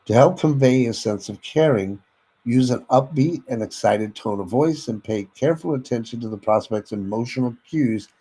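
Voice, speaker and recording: A man's voice: on the low side, dark tone, slightly rough, low-quality recording. A man leading a sales training lecture, speaking directly to listeners, checking in with them and demonstrating vocal inflections as he teaches. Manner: instructive, addresses listeners directly with frequent "okay?".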